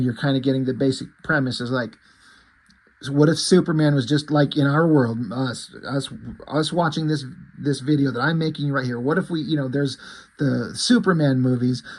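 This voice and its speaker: Rambling male comic book reviewer. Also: fairly high pitch. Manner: rambling, self-correcting, casual swearing. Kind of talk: casual spoken review.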